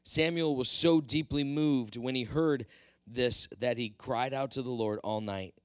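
Slow-speaking earnest male pastor. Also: mid-range voice, no room sound. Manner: earnest, explanatory, addresses congregation. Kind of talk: sermon.

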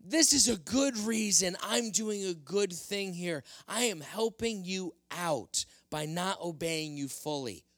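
A man's voice: sits high, expressive, takes it slowly, hardly any pauses, fairly bright tone, no echo, studio quality, pitched above the performer's own voice, full character voice. A man voicing a whiny, self-justifying king in a sermon retelling, pleading and defensive. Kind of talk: sermon storytelling.

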